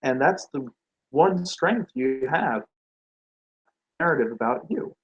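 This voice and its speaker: A man's voice: on the high side, animated, slow, husky, dull audio. A man giving a motivational talk on branding and sales, asking the listener rhetorical questions and acting out quoted reactions. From Nordic.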